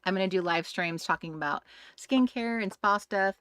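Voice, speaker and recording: This is a woman with a Boston accent hosting a relaxed crafting livestream. She talks in a loose, friendly way, laughs often and restarts her sentences as she answers the chat. Her voice sits at an average pitch, and the sound is dry and close. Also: moderate pace, clear, resonant tone, no room sound. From New England, United States. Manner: chatty, laughs often, many restarts and asides to chat viewers.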